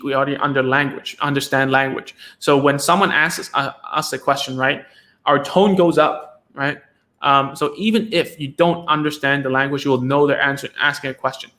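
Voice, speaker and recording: A man's voice: mid-range voice, pushed and bright. A man hosting a live stream as a speech therapist, talking casually with lots of restarts and tag questions like "right?" and "okay?".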